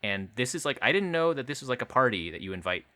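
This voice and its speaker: A man's voice: mid-range voice, very animated, quick pace, pushed and bright. A man co-hosting a podcast, chatting casually about a movie, laughing often mid-sentence and swearing freely. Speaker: podcast co-host. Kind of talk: casual movie review chat.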